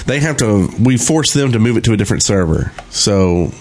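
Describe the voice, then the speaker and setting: Low male voice, halting podcast co-host, lots of "uh". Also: lively intonation, a little mellow. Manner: halting, filler-heavy. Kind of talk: casual podcast chat.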